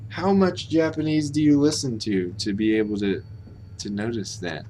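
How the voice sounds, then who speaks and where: A man's voice: mid-range voice, steady tone, normal speed, warm tone, a little hiss or hum. A man streaming a game, thinking aloud and muttering as he puzzles over how to pronounce Japanese words. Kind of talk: casual think-aloud while reading game text.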